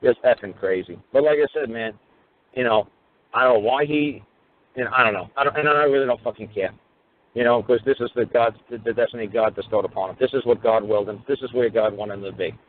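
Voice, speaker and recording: A man's voice: mid-range voice, fast talker. Profane man ranting on phone-line radio. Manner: profane, animated storytelling, acting out court exchanges. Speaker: radio talk show host. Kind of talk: casual radio monologue.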